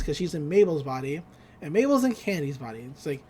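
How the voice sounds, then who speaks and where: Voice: medium pitch, big pitch swings, a little fast, a little mellow, a little hiss or hum. A podcast co-host casually recapping a cartoon episode, acting out the characters' lines and laughing along the way.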